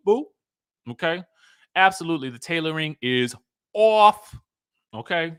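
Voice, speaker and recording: Sassy, bright-voiced man, dry close sound. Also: a little high, moderate pace, smooth, no echo. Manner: sassy, animated, playful drawl, repeats himself. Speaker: host. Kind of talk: casual live-stream commentary.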